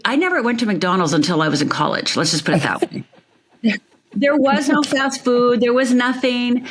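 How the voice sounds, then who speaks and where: A woman's voice: mid-range voice, fairly bright tone. A woman from Upper Michigan telling her life story as an interview guest, vivid and emphatic, repeating phrases for effect.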